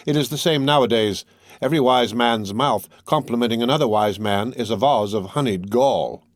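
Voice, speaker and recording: A man reading a classic novel aloud as scripted narration, in a measured and even manner. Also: medium pitch, no echo, clean studio sound. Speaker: audiobook reader.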